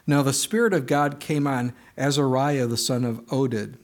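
Middle-aged male pastor, casual conversational sermon delivery, acts out quoted lines, mid pitch. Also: fairly even intonation, normal speed. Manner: conversational preaching, acting out quoted voices.

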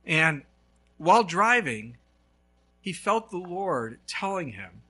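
A male pastor preaching a sermon, telling a story with lively swings between loud and hushed. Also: high voice, slow, pauses often, breathy edge.

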